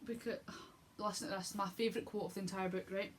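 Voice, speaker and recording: A woman's voice: medium pitch, steady tone, quick pace, a little hiss or hum. A young woman chatting casually through a book review, gushing, with lots of fillers and restarts. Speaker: book vlogger.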